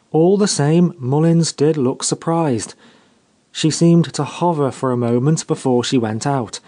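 A man narrating a story in a measured, expressive reading. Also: a little high.

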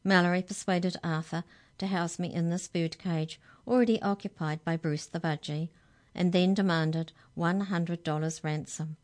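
A woman's voice: fairly low pitch, fairly even intonation, normal speed, close to an everyday voice. Woman voicing a formal tooth fairy mouse. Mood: aggrieved.

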